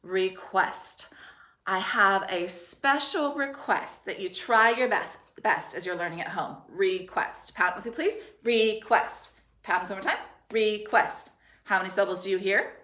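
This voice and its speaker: A woman teaching third graders a spelling lesson, dictating words slowly and clearly in an encouraging way. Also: mid-range voice, lively intonation, pushed and bright. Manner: slow, clear, encouraging classroom delivery. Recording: roomy echo.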